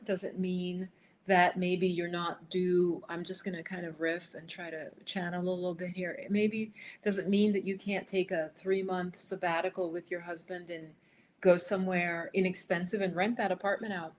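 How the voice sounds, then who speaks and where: A woman hosting a livestream, chatting with viewers and reading cards for them, sometimes dropping to a soft whisper while she shuffles. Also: lowish voice, fairly even intonation, moderate pace, a little hiss or hum. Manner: chatty, riffing, addresses viewers by name. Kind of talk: casual live chat with tarot readings. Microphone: headphones.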